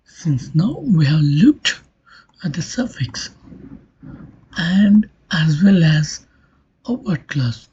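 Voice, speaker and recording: A woman giving a recorded linguistics lecture, explaining slowly, her voice often dropping to a near-whisper. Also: deep voice, lively intonation, mellow, a little hiss or hum. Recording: dull lo-fi recording.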